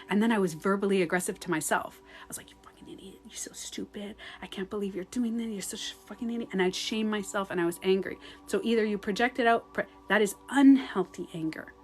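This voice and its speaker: Brief: woman life coach, casual live-stream talk, phone mic, expressive, swears often, mid-pitched, faint music underneath. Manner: animated, swears freely, acts out her own outbursts. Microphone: phone on a ring light.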